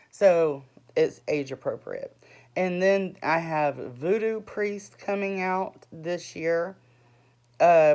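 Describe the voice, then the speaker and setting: A woman's voice: low voice, clear, resonant tone. A woman in her forties, an author giving a rambling, earnest vlog update about her books, full of ums and restarts. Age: 40s. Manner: earnest, plain-spoken.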